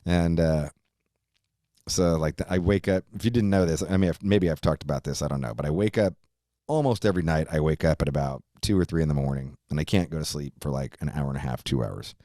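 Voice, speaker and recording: A man's voice: extremely low pitch, brisk, dark tone, dry recording, clean studio sound. A man in his fifties hosting a podcast, telling a long personal story in a loose, rambling way, swearing freely and laughing often. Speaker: podcast host. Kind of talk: casual storytelling chat.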